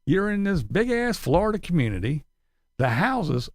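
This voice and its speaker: A man's voice: mid-range voice, sing-song, unhurried, a little mellow, no room sound, clean studio sound. A man ranting in profane, sarcastic commentary, laughing between his jabs. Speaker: commentary channel host.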